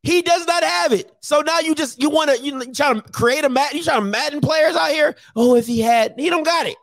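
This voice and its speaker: A man's voice: extremely high pitch, fairly quick, gravelly, a bit bright, dry recording. A man on a sports talk show, arguing his point insistently and repeating himself for emphasis. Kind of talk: heated sports debate.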